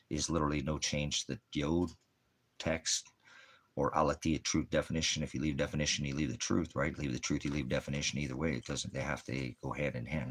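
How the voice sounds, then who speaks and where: A man's voice: extremely low pitch, breathy edge. A man, a self-styled pastor, preaching in a rambling, sarcastic way and breaking off to talk to his dogs.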